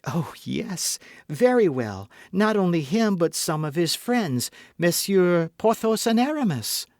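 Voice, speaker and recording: A man's voice: high voice, very animated, slow pace, darkish tone, no echo, studio quality, voice pushed up, full character voice. A man voicing a cunning, scheming noblewoman. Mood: guarded.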